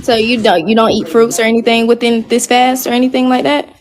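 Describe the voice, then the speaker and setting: Girl from florida calling in, blunt n teasing, slow drawl, bit of a high voice. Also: flat delivery. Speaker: caller. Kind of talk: casual call-in chat.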